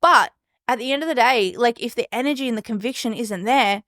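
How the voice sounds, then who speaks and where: A woman's voice: a little high, brisk, fairly bright tone, no room sound, studio quality. A young woman hosting her solo podcast, talking casually and emphatically with lots of "like". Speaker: podcast host.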